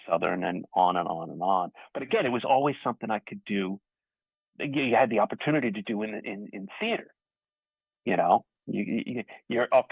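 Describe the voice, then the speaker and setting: Gravelly, husky man from New York, guest actor telling stories, thin phone-line sound. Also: low voice, dry recording. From Staten Island, New York. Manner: rambling, self-deprecating storyteller. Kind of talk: casual interview conversation. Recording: tinny phone-like dry audio.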